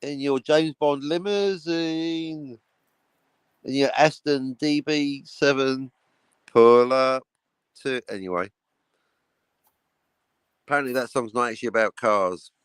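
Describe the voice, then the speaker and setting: A man hosting a livestream panel, joking and bantering in quick, wisecracking chat. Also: mid-range voice, clean tone, no room sound. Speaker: livestream host.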